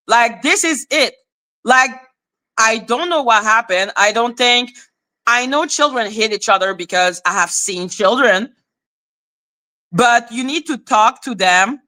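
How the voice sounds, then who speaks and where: A woman hosting a casual live stream, telling a gossip story in an animated, exasperated way and swearing freely. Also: high-pitched, slow pace, pauses often.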